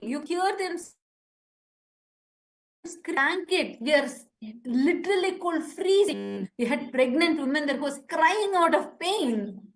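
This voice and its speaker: A woman with a high, bright voice makes an urgent live-streamed appeal. She talks in an impassioned way, pleading with listeners and turning indignant at critics. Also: animated, slow.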